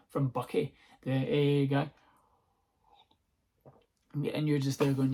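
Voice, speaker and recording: A man's voice: medium pitch, fairly even intonation, brisk, warm tone. A young Scottish man from the north-east, hosting a solo comedy podcast at home, rambling, swearing and laughing easily. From north-east Scotland. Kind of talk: casual solo podcast monologue. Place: at home on a sofa-bed seat.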